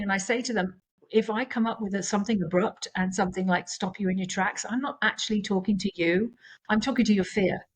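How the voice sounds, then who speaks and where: Middle-aged woman, life coach, earnest and explanatory, casual chat, mid pitch. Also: rough recording. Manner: earnest, explanatory, acts out quoted exchanges. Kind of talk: casual podcast conversation.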